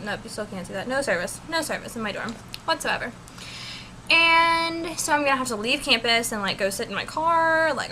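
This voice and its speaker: A young adult woman telling a story in a casual vlog, chatty and animated, filling her talk with "like". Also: on the high side, a little hiss or hum. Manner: chatty, animated, says "like" constantly. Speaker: vlogger. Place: college dorm room.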